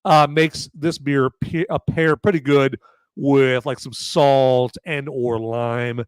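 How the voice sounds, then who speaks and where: A man's voice: medium pitch, fairly even intonation, slow pace, clear, resonant tone, dry recording. A man with a sore throat hosting a casual live show, rambling and joking with lots of fillers and restarts. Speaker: podcast host reviewing beer. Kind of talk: casual live-stream chat.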